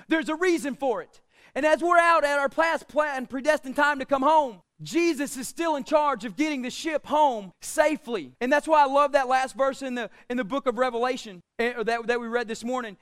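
A man preaching a sermon, quoting scripture and swinging between loud emphatic declarations and quieter, playful asides. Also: very high-pitched, normal speed. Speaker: pastor.

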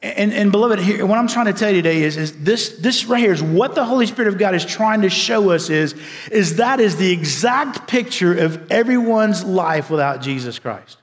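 A man preaching a sermon as a pastor, swinging between loud emphasis and hushed, quiet passages. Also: high voice, lively intonation, normal speed, in a large hall.

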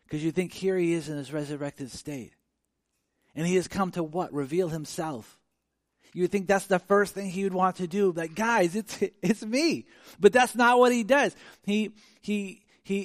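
Heard in clean studio audio with no room sound, a preacher with a voice on the high side tells stories in a relaxed, conversational sermon. He uses many fillers and performs little asides with animated energy.

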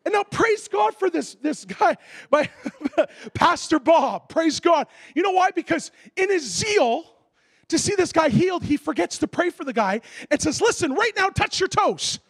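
A man preaching a sermon as a lively story, acting out voices and making comic sound effects. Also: very high-pitched, a little slow, no room sound, clean studio sound. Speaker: pastor.

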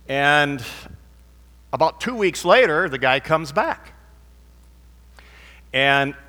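Male preacher, rambling anecdotal sermon, bright voice, long hall reverb. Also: mid-range voice. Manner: rambling, anecdotal, with fillers and restarts. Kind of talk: sermon with a told joke.

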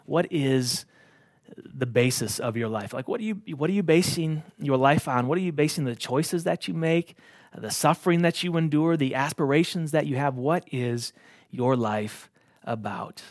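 Male pastor, sermon, earnest, direct questions, slightly high voice, dry close sound. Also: moderate pace, dry recording. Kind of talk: sermon with read-aloud story.

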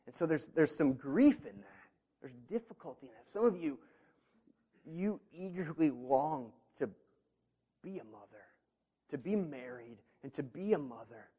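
Pastor guy preaching, kinda high voice, goes soft and close then gets loud and punchy. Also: expressive, measured pace, breathy edge. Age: parent of children. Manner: swings from quiet, intimate asides to loud, emphatic preaching; earnest, with conversational fillers and restarts. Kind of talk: sermon.

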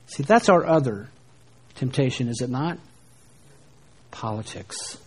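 A middle-aged American man preaching a sermon, dropping to hushed lines and rising for emphasis. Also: mid-range voice, expressive, normal speed, breathy edge. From United States. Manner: preaching, shifting between soft hushed lines and emphatic rises. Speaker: pastor.

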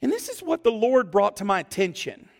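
A man preaching a sermon as pastor, animated and exclamatory, acting out what people say. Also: sits high, a little fast. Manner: animated, exclamatory, acts out quotes. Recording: long church-hall reverb.

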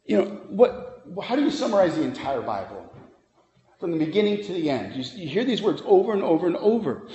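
With a warm, sing-song delivery and a slightly raised pitch, a male pastor preaches earnestly, swelling to emphatic moments and then easing into fast, chatty digressions. The sanctuary's reverb lingers long, and the high frequencies are cut off.

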